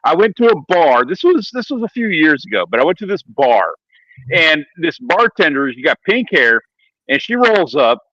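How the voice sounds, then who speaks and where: A man's voice: fairly high pitch, big pitch swings, normal speed, bright, forceful tone, no room sound, highs cut off. A man co-hosting a casual chat, telling a profane story. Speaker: co-host.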